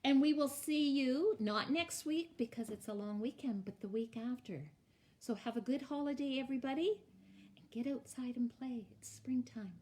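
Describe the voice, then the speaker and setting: A woman librarian reading a storybook aloud to young children in a playful, expressive way. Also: high voice, normal speed.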